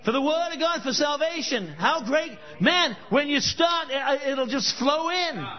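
High-voiced male preacher, storytelling sermon style, muffled lo-fi sound. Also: expressive, measured pace. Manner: storytelling, emphatic rhetorical questions. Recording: dull lo-fi recording.

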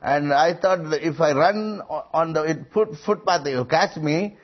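A man's voice: fairly high pitch, moderate pace. A man preaching a sermon, emphatic and rising on quoted lines, with frequent hesitations. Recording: muffled lo-fi recording.

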